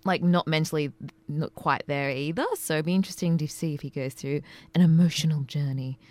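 A woman's voice: low-pitched, steady tone, fairly quick, darkish tone, no echo. A woman co-hosting a casual podcast chat, chatty and teasing, stumbling over restarts. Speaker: podcast co-host.

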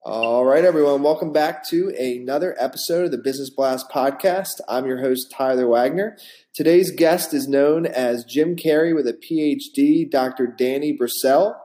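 A man's voice: mid-range voice, normal speed, warm tone. A man hosting a podcast interview in an upbeat, casual and friendly manner. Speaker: podcast host.

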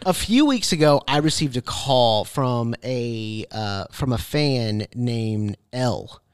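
A man's voice: medium pitch, animated, takes it slowly, smooth, no room sound, studio quality. A young adult man hosting a ghost-story podcast, chatting casually and reading a listener's letter aloud. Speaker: podcast host.

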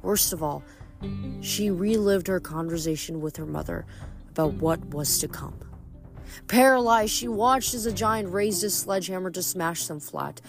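Expressive woman reading a novel aloud. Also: fairly low pitch, moderate pace, vocal fry, faint music behind. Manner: expressive, dramatic narration. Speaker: audiobook reader.

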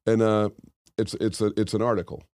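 A man's voice: fairly low pitch, level tone, a little fast, a little mellow, smooth, no room sound, studio quality. A middle-aged man co-hosting a podcast in casual chat, a rambling storyteller who drifts off on tangents. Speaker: podcast co-host.

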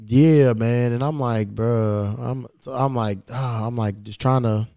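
With a gravelly, mid-range voice and a measured pace, a male podcast host tells a story conversationally. He swears heavily and brings the quoted exchanges to life with animated delivery, recorded at studio quality with no room sound.

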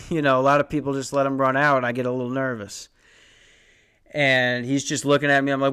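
A man's voice: medium pitch, fairly even intonation, normal speed, a bit bright, smooth. A young man hosting a podcast, telling a story in a rambling, profane, self-mocking way. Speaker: podcast host. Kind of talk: casual storytelling.

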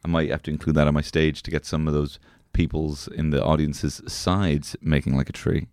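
A man's voice: a bass voice, flat delivery, normal speed, a little mellow, no echo, clean studio sound. A man co-hosting a podcast in casual, joking chat. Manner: joking and laid-back. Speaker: podcast co-host.

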